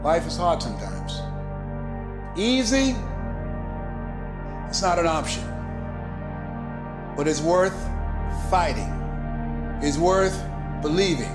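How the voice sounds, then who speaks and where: A man giving a motivational speech, slow, emphatic and repetitive. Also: fairly high pitch, very animated. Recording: echoey, distant, with music behind.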